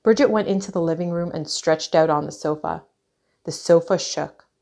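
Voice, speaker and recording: A woman reading a children's picture book aloud, clear and expressive. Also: on the low side, normal speed. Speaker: storyteller.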